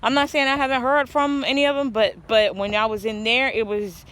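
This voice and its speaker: A woman's voice: fairly high pitch, little pitch movement, fairly quick, a bit bright. A woman telling a long personal story in a casual vlog, rambling and earnest, often restarting her sentences, speaking outdoors. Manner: rambling, earnest, stop-start. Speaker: vlogger.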